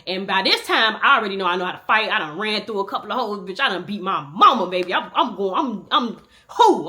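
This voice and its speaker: Bright-voiced woman telling a wild storytime. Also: mid-range voice. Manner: animated, profane, talks straight to the viewer. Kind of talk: casual storytime.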